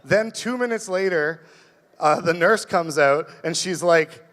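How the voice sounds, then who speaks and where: A man from Canada doing a rambling, self-deprecating stand-up set, halting and restarting, on a live comedy stage. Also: fairly high pitch, fairly bright tone, big-room sound.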